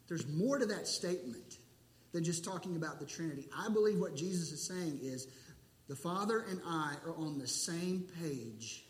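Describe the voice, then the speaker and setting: Male pastor, high voice, earnest emphatic sermon, reverberant room. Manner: earnest, emphatic preaching with repeated rhetorical questions.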